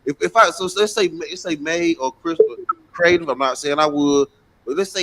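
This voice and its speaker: A man's voice: fairly high pitch, normal speed, a bit bright, low-quality recording. A man hosting a casual panel chat, blunt and swearing freely. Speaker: host, addressed as pastor.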